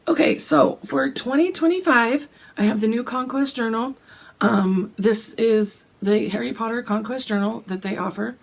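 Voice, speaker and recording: A woman, hoarse and gravelly from a cold, chatting casually about her cross-stitch plans and often clearing her throat. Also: moderate pace. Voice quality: gravelly, deep. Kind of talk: casual chat.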